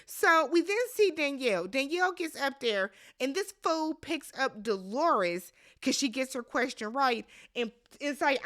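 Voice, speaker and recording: A woman hosting a casual reality TV recap vlog, talking bluntly and with exasperation, swearing freely and shouting mock reactions. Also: high-pitched, lively intonation, a little slow, hardly any pauses.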